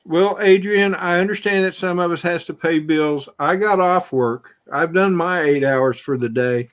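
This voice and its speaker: A chatty middle-aged man on a livestream, with a slightly high voice. He talks loosely and laughs easily as he tells a story. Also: normal speed. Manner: chatty, laughing, greets viewers by name. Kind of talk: casual livestream chat.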